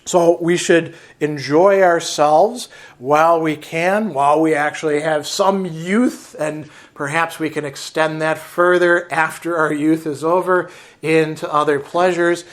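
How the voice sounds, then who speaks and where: A man teaching philosophy in a recorded lesson. He reads lines from a text aloud, then talks through them in plain words and checks in with a quick "right?" His voice sits a little on the high side. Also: fairly even intonation. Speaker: philosophy lecturer. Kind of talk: lecture reading and explaining a text.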